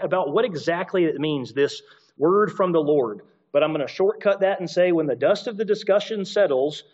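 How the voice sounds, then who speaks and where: A man's voice: sits high, darkish tone, highs cut off. A man preaching a sermon, explaining scripture in a conversational teaching manner with asides and repeated points. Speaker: pastor.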